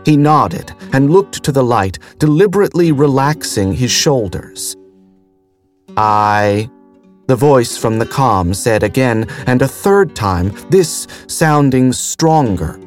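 Slow, measured male audiobook narrator. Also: mid-range voice, lively intonation, faint music behind.

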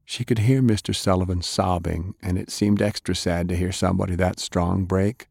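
A man narrates an audiobook in a measured, storytelling way. His voice is very deep and gravelly, with a husky texture. The recording is dry and close. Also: steady tone, a little mellow, dry recording. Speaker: audiobook reader. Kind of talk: scripted narration.

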